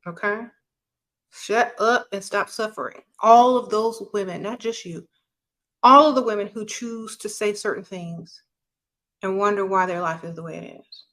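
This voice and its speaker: A woman's voice: mid-range voice, normal speed, a bit bright. Brash scolding woman. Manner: brash, scolding, mocks others in a whiny voice. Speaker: relationship advice vlogger. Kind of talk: blunt advice rant.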